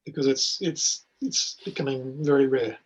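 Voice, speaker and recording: A man's voice: medium pitch, steady tone, normal speed, husky. A man co-hosting a casual conversation, laughing often and chiming in with short agreements. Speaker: co-host. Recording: slightly dull, lo-fi audio.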